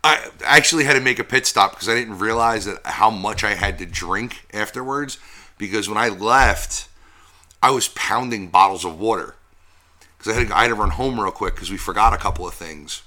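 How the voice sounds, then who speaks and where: A man co-hosting a podcast, chatting in a relaxed, rambling way with fillers and some swearing. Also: on the low side, moderate pace. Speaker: podcast co-host. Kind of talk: casual chat.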